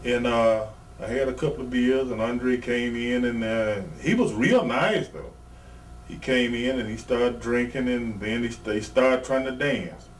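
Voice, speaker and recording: Speaking a little slowly in a medium pitch, a retired pro wrestler tells interview stories about his wrestling career that are blunt, meandering and full of profanity. It's a casual guest chat, recorded on a distant mic with faint background noise.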